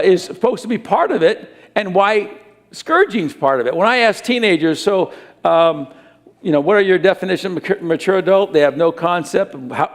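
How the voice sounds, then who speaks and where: A middle-aged man preaching a sermon as a pastor, animated and acting out little scenes. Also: sits high.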